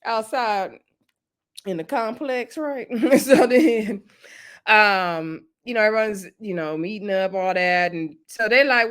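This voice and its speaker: A woman's voice: mid-range voice, measured pace, fairly bright tone. A woman giving a casual, chatty recap of a reality show episode and acting out what people said. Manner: chatty storytelling, acts out quoted lines.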